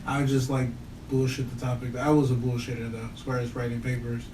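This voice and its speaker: A man in casual podcast chat, relaxed and laughing as he talks about himself. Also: mid-range voice, quick pace, a little hiss or hum. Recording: echoey room mic from a distance.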